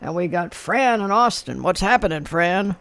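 A radio host chats casually with a caller about old records, oldies, and jazz, rambling along with many fillers and restarts. The voice is gravelly and a bit bright, medium-pitched and animated, at a moderate pace.

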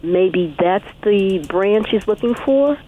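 A woman's voice: medium pitch, lively intonation, slow, slight background noise. A friendly, chatty caller shares tips with a radio host. Her voice comes through a thin, tinny phone line. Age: 60s. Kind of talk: casual call-in chat.

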